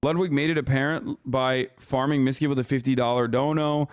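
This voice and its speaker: A man's voice: mid-range voice, fairly even intonation, a little fast, smooth, dry recording, clean studio sound. A man in his thirties streaming live, ranting and mocking his chat with lots of profanity, combative and sarcastic. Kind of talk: live stream reaction rant.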